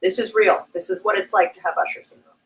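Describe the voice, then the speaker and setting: Woman interviewer, video call, gentle and reassuring, tearful at times. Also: mid-range voice, fairly even intonation, quick pace, rough recording.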